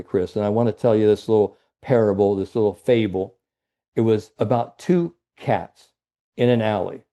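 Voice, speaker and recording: A man from Ohio, a mental performance coach, telling stories as a guest in an interview, with a lively storytelling manner. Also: lowish voice. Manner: animated storyteller, frequent "you know".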